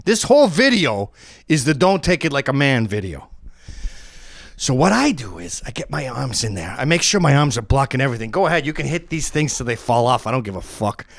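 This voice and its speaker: Animated man with a lively, swooping voice. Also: medium pitch, fairly quick, no echo, clean studio sound. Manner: animated, acts out screams and quoted voices. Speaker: comedic host. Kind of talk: profane comedic monologue.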